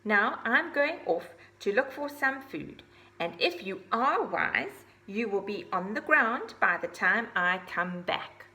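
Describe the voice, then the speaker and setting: A woman's voice: mid-range voice, big pitch swings, slow, pushed and bright, full character voice. A woman voicing a stern mother owl in a storybook, firm and scolding.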